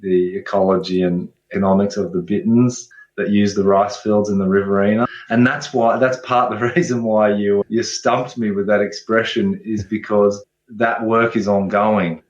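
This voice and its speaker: A man, answering interview questions in a relaxed way, often restarting his sentences. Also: fairly low pitch, normal speed, hardly any pauses. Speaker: guest ecologist. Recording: echoey, dull remote audio.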